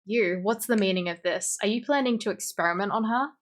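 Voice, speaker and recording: A woman's voice: mid-range voice, a little fast, natural voice. Protective mother, read by a woman, firm and urgent, Australian accent. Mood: defiant.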